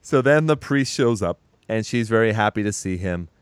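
A man casually retelling a horror movie's plot as a podcast co-host, animated and profane, acting out bits of dialogue. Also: fairly low pitch, normal speed, smooth, dry recording. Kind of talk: casual movie recap chat.

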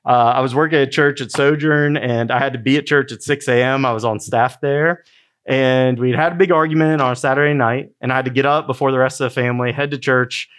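A middle-aged man preaching to his congregation in an easy, story-driven manner. His voice sits in a middle pitch, and he moves between plain teaching and personal anecdotes. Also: fairly even intonation, fast talker, few pauses, fairly bright tone, clear, resonant tone. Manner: conversational storytelling preaching, with quoted asides. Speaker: pastor. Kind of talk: sermon.

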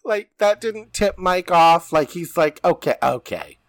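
A man's voice: sits high, a little slow, smooth, no echo, studio quality. A man co-hosting a podcast, chiming in with wry, profane quips in casual chat. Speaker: podcast co-host.

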